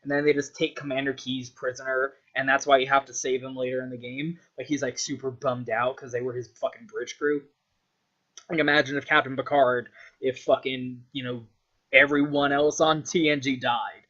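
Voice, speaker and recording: A young male vlogger rambles loosely through a story, swearing and leaning heavily on "like" as filler. His voice is medium-pitched and flat, with a sharp edge and a moderate pace. The lo-fi recording sounds dull.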